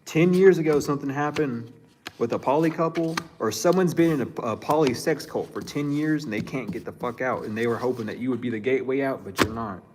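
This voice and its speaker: A man's voice: mid-range voice, fairly quick. A man in the middle of his usual range gives a casual psychic reading straight to his viewers. His delivery is loose and slangy, full of chuckles and restarts as he thinks aloud, with a faint hiss behind him. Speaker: psychic reader.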